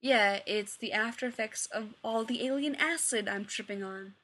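A woman's voice: a little high, normal speed, fairly bright tone. A woman reading a story aloud, voicing a laid-back, wry male military officer with a dry, defensive manner.

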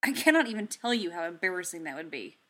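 A woman voicing an exasperated, grumbling male inventor, protesting loudly and rising high. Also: very animated, quick pace. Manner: loud, high-pitched protests. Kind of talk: audiobook character reading.

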